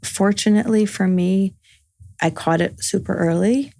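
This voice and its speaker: Gravelly-voiced woman in her forties. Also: medium pitch, normal speed, warm tone, no echo, clean studio sound. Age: 40s. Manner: earnest, recounts events with reported dialogue. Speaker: podcast guest. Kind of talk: personal storytelling in casual conversation.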